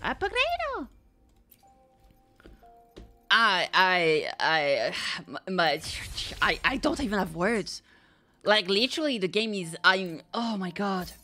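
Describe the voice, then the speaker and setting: A woman streaming live as she pulls in a gacha game, reacting dramatically, swinging from squealing shouts to dejected mumbles while chatting to her viewers. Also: lowish voice, measured pace, soft background music. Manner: chats to viewers. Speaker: full-time streamer.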